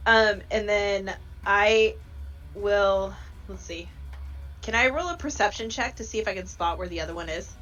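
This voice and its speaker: A woman's voice: medium pitch, moderate pace, muffled recording, soft background music. Chatty woman playing a tabletop game. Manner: chatty, breaks into lively voices for her character. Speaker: player.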